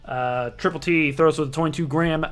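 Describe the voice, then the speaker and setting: A man's voice: fairly high pitch, fairly even intonation, normal speed, a bit bright. A man hosting a live online darts broadcast, introducing players and standings in a casual, joking way and often correcting himself mid-sentence. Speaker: league broadcast host.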